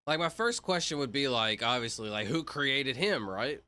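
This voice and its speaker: A young man with a bright, forceful voice talks on a livestream. He rambles loosely, leaning hard on filler words and casual slang. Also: medium pitch, expressive, moderate pace, smooth, dry recording. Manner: rambling, filler-heavy, says "like" and "bro" a lot. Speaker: streamer.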